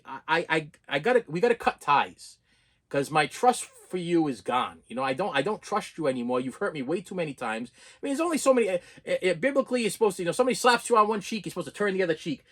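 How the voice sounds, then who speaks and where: A man's voice: sits high, very animated, quick pace, fairly bright tone. A man in his fifties giving a raw, emotional personal rant to camera, full of stammering restarts and repeated phrases. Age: 50s. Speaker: vlogger.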